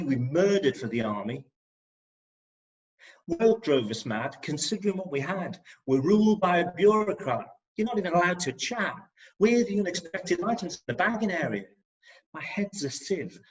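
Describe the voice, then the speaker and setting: A man with an English Midlands accent performs his rhyming poems on an online video call and talks between them with wry humour. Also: fairly high pitch. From England. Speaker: performance poet. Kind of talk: spoken-word poetry reading with comic asides. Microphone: video call microphone. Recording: dull lo-fi video call audio.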